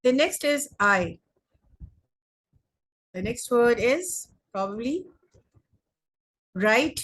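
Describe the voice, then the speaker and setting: A young Indian woman teaching an online English grammar lesson, slowly repeating words and sentences for emphasis. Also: on the high side, lively intonation, a bit bright.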